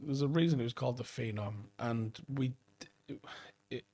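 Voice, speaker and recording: A man in his forties talks through a late-night football live stream, rambling from one viewer comment to the next. He swears often and sounds enthusiastic. His voice is gravelly and sits at a middling pitch. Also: normal speed, warm tone.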